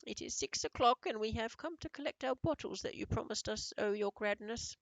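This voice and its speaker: A man's voice: sits high, fairly quick, fairly bright tone, dry recording, pitched above the performer's own voice, rough recording. A man voicing timid ancient old witches in a read-aloud story. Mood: meek.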